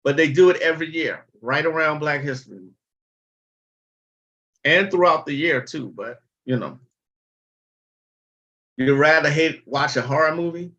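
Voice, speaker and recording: A man's voice: fairly high pitch, measured pace, long pauses, bright, forceful tone, lo-fi sound. Blunt man chatting on a livestream. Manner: blunt, chatty, swears freely. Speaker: livestream host. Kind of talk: casual livestream chat.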